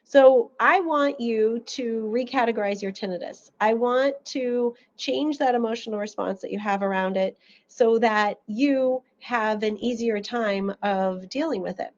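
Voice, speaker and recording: A woman audiologist teaches a seminar in a lively storytelling manner, acting out little quotes along the way. Her voice sits fairly high. The recording sounds dull and lo-fi. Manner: animated storytelling with acted-out quotes. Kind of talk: educational seminar talk.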